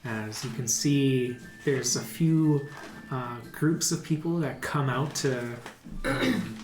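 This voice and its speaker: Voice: medium pitch, animated, takes it slowly, darkish tone, roomy sound. A dungeon master narrating a tabletop game, rambling with many fillers and restarts.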